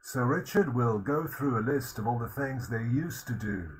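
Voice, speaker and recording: A man giving a recorded university literature lecture, explaining in a measured way and stopping to gloss words. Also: medium pitch, animated, a little hiss or hum, rough recording.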